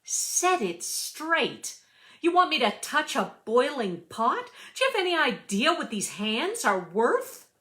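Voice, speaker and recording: A woman's voice: medium pitch, lively intonation, moderate pace, few pauses, pushed and bright. A woman reading as an exasperated woman surgeon. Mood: annoyed. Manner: exasperated and blunt. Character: annoyed, sharp-tongued woman surgeon.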